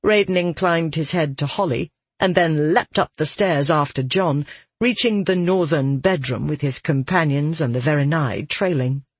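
A man reading a fantasy audiobook aloud in a measured, steady narration. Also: fairly high pitch, slightly rough, no echo.

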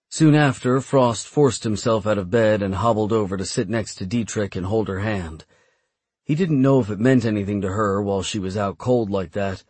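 A man narrating an audiobook in a steady, measured reading. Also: on the low side, husky, dry recording. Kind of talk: scripted narration.

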